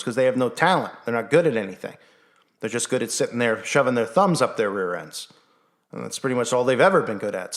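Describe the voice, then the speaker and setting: A man hosting a vlog, ranting in an animated, sarcastic way and talking straight to his viewers. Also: medium pitch. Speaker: vlog host. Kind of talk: casual ranting monologue.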